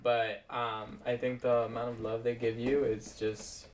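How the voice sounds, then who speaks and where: A man co-hosts a casual chat podcast. He speaks in a relaxed, measured way, and his voice often drifts softer as he finishes a thought. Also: medium pitch. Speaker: podcast co-host.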